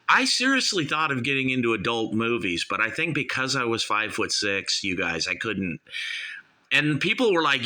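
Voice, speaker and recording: A man's voice: mid-range voice, very animated, moderate pace, sharp tone. A man hosting his own talk show, rambling through a boastful, self-mocking comic monologue and often addressing listeners as "you guys".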